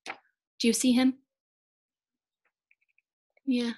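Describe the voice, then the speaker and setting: A young woman in her twenties giving a children's read-aloud lesson, speaking gently and encouragingly to young kids. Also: fairly high pitch, lively intonation, takes it slowly. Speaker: speech-language pathology student teacher.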